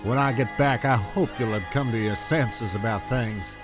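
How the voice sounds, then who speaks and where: An actor playing a domineering, secretive husband in an audio drama, speaking gruffly and with authority. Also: male voice, mid-range voice, normal speed, music in the background, natural voice. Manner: gruff and commanding.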